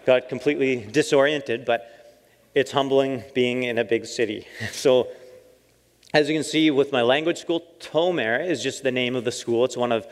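A man giving a lively storytelling talk as a missionary, acting out his own quoted lines and laughing often. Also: medium pitch, normal speed. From Canada. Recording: long hall reverb.

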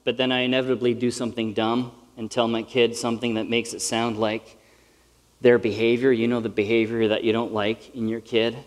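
A man's voice: medium pitch, flat delivery, brisk. Man preaching in a reverberant hall. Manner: conversational, earnest, self-deprecating. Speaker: pastor. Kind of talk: sermon. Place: large hall with live audience.

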